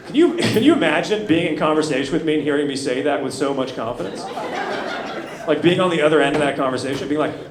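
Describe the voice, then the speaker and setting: Animated man doing stand-up in echoey club. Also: brisk, crowd noise. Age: 30s. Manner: animated, jumps between loud outbursts and low mutters. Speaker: stand-up comedian. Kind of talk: stand-up set. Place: comedy club stage. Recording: echoey club with loud room noise.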